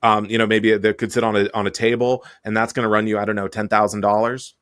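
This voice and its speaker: A man's voice: lowish voice, flat delivery, quick pace, a bit bright, no room sound, clean studio sound. A man guest casually retelling a wild story, full of fillers and acted quotes. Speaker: reporter guest.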